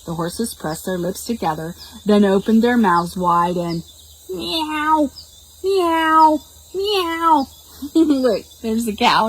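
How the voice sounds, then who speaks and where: A woman reading a picture book aloud to preschool children in a slow, expressive storytime voice and stopping to explain words. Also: mid-range voice, a little hiss or hum, poor audio. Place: public library.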